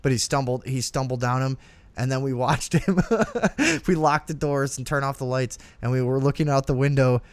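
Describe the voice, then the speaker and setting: A man hosting a talk show, telling a crude story in a profane, animated way. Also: medium pitch, moderate pace, no room sound. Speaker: podcast host.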